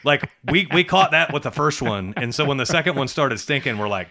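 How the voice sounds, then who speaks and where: A man's voice: mid-range voice, animated, fairly quick, creaky, sharp tone. A middle-aged man co-hosting a casual business podcast, talking emphatically and tagging points with "right?". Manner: conversational, emphatic, rhetorical "right?" tags. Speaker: podcast co-host, trades business coach.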